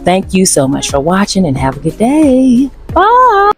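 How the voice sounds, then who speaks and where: A woman's voice: fairly low pitch, big pitch swings, normal speed, mellow, breathy edge, faint music behind. A woman giving a chatty vlog review, addressing her viewers as y'all. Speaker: vlogger reviewing shows.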